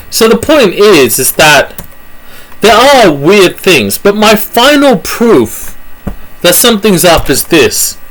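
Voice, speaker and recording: A man's voice: mid-range voice, a bit bright, low-quality recording. A man with a British accent giving a jokey, rambling monologue about pictures on screen, full of fillers and self-corrections. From Britain.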